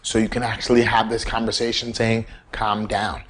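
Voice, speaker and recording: A man giving casual, animated self-care advice, repeating key points and coaching the listener. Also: medium pitch, fairly quick. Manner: animated, repetitive coaching, acts out quoted inner voices. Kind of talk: casual instructional talk.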